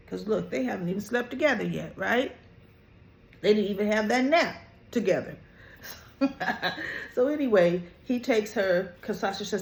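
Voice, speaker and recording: A host giving an animated, opinionated casual review of a soap opera episode, with frequent "you know" and "right?" asides. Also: mid-range voice, normal speed, vocal fry, pauses often, reverberant, slight background noise. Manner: animated, opinionated, quotes characters in lively voices.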